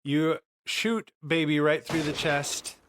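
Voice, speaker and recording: A man narrating as game master of a tabletop roleplaying game, lively and quick to laugh. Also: fairly high pitch, noisy background.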